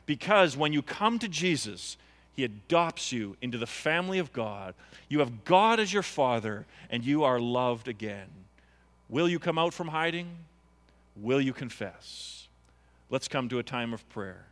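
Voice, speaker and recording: A man's voice: a little high, animated, measured pace, fairly bright tone, long reverb tail. A man preaching a sermon as pastor, earnest and pleading, building to impassioned appeals. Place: church.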